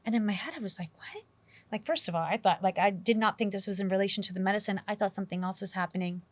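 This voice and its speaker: A woman's voice: medium pitch, fast talker, no room sound. A middle-aged woman from New York City, a guest in an interview, telling a personal story in a candid, casual way full of "like" and "you know".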